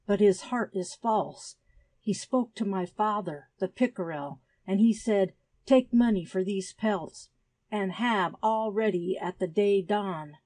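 A woman's voice: mid-range voice, mellow, no room sound, close to an everyday voice. A woman voicing an earnest young native boy who speaks in solemn, formal storyteller phrases in an audiobook. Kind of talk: audiobook character reading.

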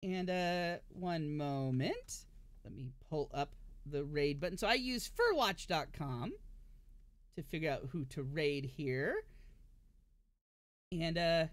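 A woman's voice: lowish voice, sing-song, a little slow, a bit bright, no echo. A woman streamer giving live gameplay commentary, who swears and shrieks when she fails and chats in a rambling way with her viewers.

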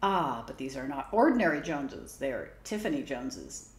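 Brief: woman reading as a calm, teasing dad, lower and unhurried, roomy recording. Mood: dry. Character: dry, teasing unhurried father. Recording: roomy echo.

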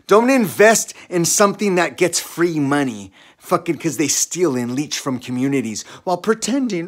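A man with a Californian accent rants, swearing constantly and full of agitation. His fairly high voice jumps from loud bursts down to low, bitter muttering. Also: very animated, normal speed. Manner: profane, agitated, swinging between shouting and low muttering. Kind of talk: angry ranting monologue.

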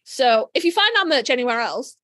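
A woman with a Yorkshire accent co-hosting a casual podcast, blunt and quick to swear, laughing often. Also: sits high, very animated, sharp tone, dry recording. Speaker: podcast co-host.

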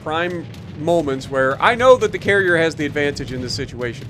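A man's voice: a little high, expressive, a little fast, a bit bright, faint music behind. A tired man in casual gameplay commentary, explaining his moves and joking about his mistakes as he plays. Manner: casual, self-deprecating, explanatory. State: tired, yawning. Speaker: gaming YouTuber.

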